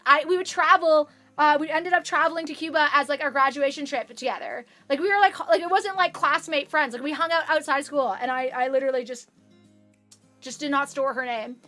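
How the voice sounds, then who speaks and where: A woman's voice: sits high, pushed and bright. A Canadian woman in her twenties chatting casually with her stream viewers, rambling and self-deprecating with the odd swear word. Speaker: livestreamer. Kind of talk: casual chat with viewers while sewing.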